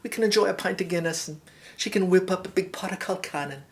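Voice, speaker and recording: A man's voice: sits high, fast talker. A man voicing a cheerful Irish male farmhand with a put-on Irish accent, in a folksy, rambling comic monologue. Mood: wistful. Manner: chatty and folksy, with rambling asides.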